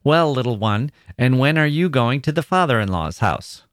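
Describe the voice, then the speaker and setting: A man's voice: mid-range voice, animated, normal speed, dry recording, clean studio sound, natural voice. A man voicing a big, jovial peddler from the mountains with a nasal tone, in a read-aloud story. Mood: joking.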